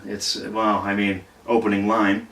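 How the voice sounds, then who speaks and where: A man speaking as a guest co-host in casual chat, halting, with dry deadpan humor. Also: lowish voice, gravelly, far from the mic. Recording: roomy and off-mic.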